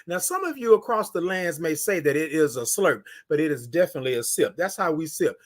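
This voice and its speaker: A man's voice: a little high, fairly quick. A man from Houston with a Texan accent, hosting a live morning talk show, calling out to his viewers and greeting them by name. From Houston, Texas. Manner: animated, preachy call-and-response with the audience. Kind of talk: live-stream morning talk with chat shoutouts.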